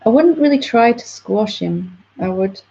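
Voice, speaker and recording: A woman's voice: mid-range voice, expressive, a little slow, gravelly, warm tone. A woman spiritual teacher patiently explaining to a student in a reflective satsang dialogue. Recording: dull lo-fi audio.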